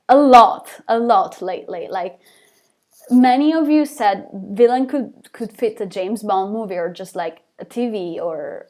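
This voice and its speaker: A woman's voice: mid-range voice, a little mellow. A young woman, a band's singer, reading fan questions aloud from a live chat and answering them casually, with lots of fillers and small laughs.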